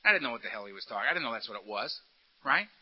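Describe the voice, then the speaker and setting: A man telling his recovery story to a meeting, animated and full of acted-out quotes and laughter. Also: mid-range voice, racing, husky, muffled recording. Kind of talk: storytelling talk to an audience.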